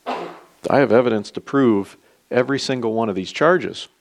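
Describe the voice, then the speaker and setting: A man's voice: mid-range voice, moderate pace, a little hiss or hum, natural voice. A man voicing the devil as an indignant prosecutor reading charges in a courtroom story. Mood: accusing. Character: accusing devil, male, prosecutor, vengeful.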